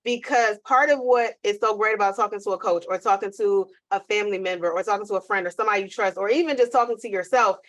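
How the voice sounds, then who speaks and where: A woman co-hosting a podcast, chatting in a lively way and acting out voices. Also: medium pitch, fast talker, few pauses. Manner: animated, acts out voices when telling stories. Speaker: podcast co-host. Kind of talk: casual podcast conversation.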